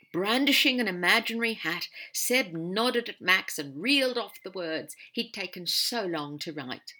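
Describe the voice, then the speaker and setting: Woman, audiobook narration, expressive, animated pitch, bright tone. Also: normal speed, few pauses.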